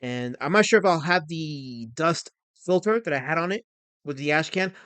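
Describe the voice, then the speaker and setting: A man with a high voice chats casually on his livestream, rambling and reading comments from his viewers aloud. The sound is close and dry, with no room around it. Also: fairly bright tone, no room sound. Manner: rambling, reads chat aloud and mock-rants in a raised voice. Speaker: livestream host. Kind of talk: casual live-stream chat.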